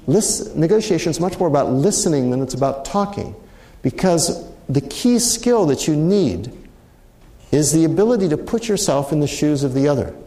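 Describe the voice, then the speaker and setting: A middle-aged man speaks as a mediator, his voice a little high and gravelly with a mellow tone. He tells his story reflectively and often restarts his phrases. The sound is roomy and echoey. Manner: reflective, anecdotal, frequent restarts. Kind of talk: storytelling talk. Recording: roomy echo.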